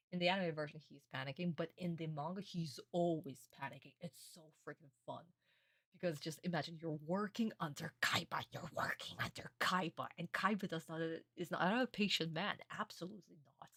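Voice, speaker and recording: A young woman with a fairly low voice, talking casually and excitedly as a streamer. She laughs often and swears freely, recorded dry and close. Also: brisk, no echo. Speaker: streamer reacting to an anime. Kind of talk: casual reaction commentary.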